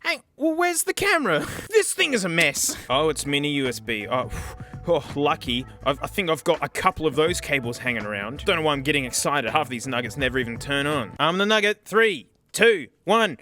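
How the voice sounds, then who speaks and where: A man hosting a casual tech video, talking excitably and joking as he goes through old gadgets. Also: a little high, brisk. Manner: excitable, jokey, many exclamations and laughs. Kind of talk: casual unboxing commentary.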